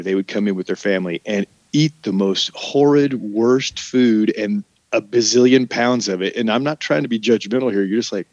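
A man's voice: on the low side, no room sound, lo-fi sound. A man talking casually and candidly about managing restaurant staff, rambling and swearing now and then. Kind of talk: casual conversation.

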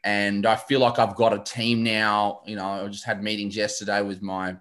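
A man's voice: fairly low pitch, level tone, moderate pace, fairly bright tone. A man, a confidence coach chatting casually as a podcast guest, rambling with many fillers and restarts.

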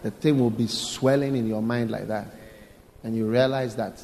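A man's voice: mid-range voice, fairly even intonation, moderate pace, darkish tone, a little hiss or hum. A man preaching a sermon, emphatic and repetitive, putting rhetorical questions to the congregation. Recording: echoey hall with faint ambience.

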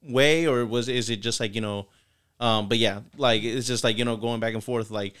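Rambling man with a smooth voice. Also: medium pitch, steady tone, moderate pace, a bit bright. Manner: rambling, full of "like" and "you know". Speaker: podcast co-host. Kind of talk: casual podcast chat.

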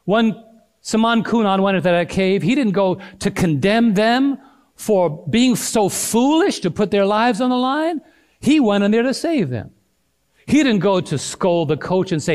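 A middle-aged male pastor preaching a sermon, swinging between loud and hushed delivery and calling out to the congregation. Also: high-pitched, big pitch swings, unhurried.

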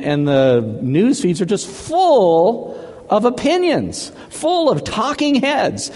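Man preaching, high voice, swooping pitch, long hall reverb, church sanctuary. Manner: animated preaching with frequent "okay?" check-ins. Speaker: pastor. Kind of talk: sermon.

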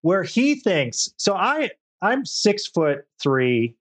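A young man on a podcast, casually telling a profane, animated story and acting out the other people in it. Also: high voice, extremely slow. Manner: profane, animated storyteller doing quoted voices. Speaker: podcast co-host.

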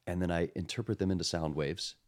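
A man in his thirties from Texas, a guest in a relaxed podcast conversation, reflective and self-deprecating, talking in a house. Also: deep voice. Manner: reflective, self-deprecating, quick to mimic voices. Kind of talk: casual chat. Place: room in a house.

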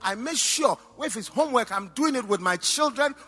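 A man, a pastor and doctor, preaching a sermon with personal stories, swinging between loud exclamations and quiet asides, in a church hall. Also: very high voice, animated, normal speed, slightly rough. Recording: long reverb in a large hall.

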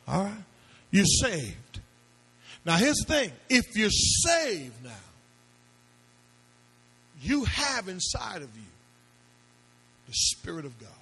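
A man's voice: sits high, very animated, takes it slowly, vocal fry, pauses often, bright, forceful tone, slightly rough. A male pastor preaching a sermon to a congregation, with emphatic call-and-response questions and phrases that he sings out. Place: church before a congregation.

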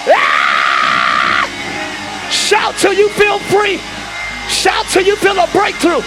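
A hoarse man preaching a shouted sermon as pastor, hollering in rhythmic repeated phrases and calling out to the congregation, recorded live in a large church. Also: very high-pitched, flat delivery, measured pace. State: hoarse from screaming. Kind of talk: shouted Pentecostal-style sermon. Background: church band music.

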